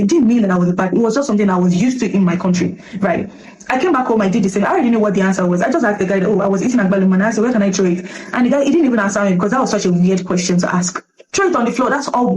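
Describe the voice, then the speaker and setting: A young woman with a Nigerian accent speaks quickly and emphatically in a passionate social commentary, pleading with her listeners. Her delivery is urgent and preachy. A faint hiss sits under the recording. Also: mid-range voice, a little mellow, rough recording.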